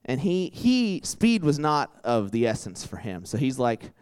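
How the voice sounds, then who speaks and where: A young man preaching in a casual storytelling style, chatty and animated, full of asides and questions put to a live audience. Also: mid-range voice, measured pace, clean tone. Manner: chatty and animated, full of "like" and "right?", quizzes the crowd. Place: church hall with a live audience.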